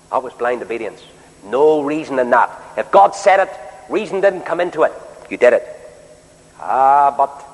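Lively male preacher in a reverberant hall. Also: a little high. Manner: emphatic, with rhetorical questions to the listeners. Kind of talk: sermon.

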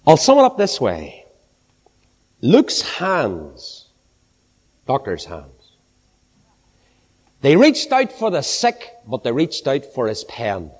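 A man preaching with a very lively, animated pitch that climbs high on exclamations and sinks to a near-murmur. His voice rings out with a long reverb, as in a large hall. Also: takes it slowly. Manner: animated, swinging from high exclamations to low hushed lines. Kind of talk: sermon.

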